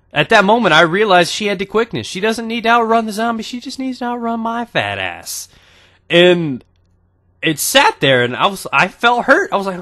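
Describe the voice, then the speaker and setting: A young man in his twenties rambles through funny personal stories while commentating a video game. He jokes crudely and swings his pitch up and down as he tells it. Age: 20s. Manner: crude joking, animated storytelling. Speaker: gaming YouTuber. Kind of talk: gameplay commentary with storytelling.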